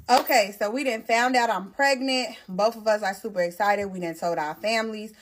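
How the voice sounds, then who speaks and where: A woman tells her own life story in a casual storytime vlog. She talks to her viewers in a chatty, animated way and calls them "y'all." Her voice sits in a middle pitch range. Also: normal speed, hardly any pauses, slight background noise. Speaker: vlogger.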